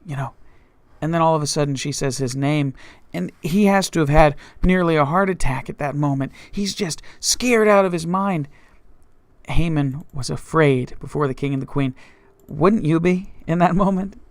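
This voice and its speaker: A male pastor retelling scripture as a story, full of restarts and filler words. His voice sits a bit high for a man, smooth and resonant with a gravelly fry, recorded close and dry. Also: moderate pace, dry recording. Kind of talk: Bible study teaching.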